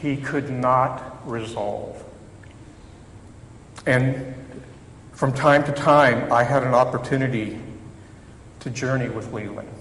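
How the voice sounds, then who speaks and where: A man's voice: medium pitch, steady tone, slow, long pauses, fairly bright tone. A man, a chaplain, preaching a sermon in a church in a conversational, reflective way with self-deprecating humor. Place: church sanctuary. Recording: echoey hall reverb, faint background noise.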